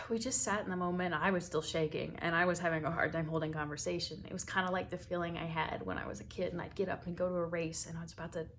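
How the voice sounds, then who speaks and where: A young American woman, talkative and quick to laugh, telling a personal story in a vlog. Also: on the low side, steady tone, fairly bright tone, a little hiss or hum. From United States. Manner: chatty and talkative, laughs often. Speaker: vlogger.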